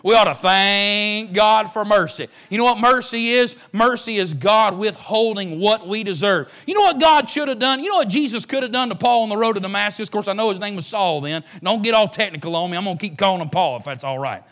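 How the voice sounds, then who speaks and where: High-voiced preacher man. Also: expressive, fairly quick, hardly any pauses, fairly bright tone. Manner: fervent, repetitive preaching with rising emphasis. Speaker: pastor. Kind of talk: sermon.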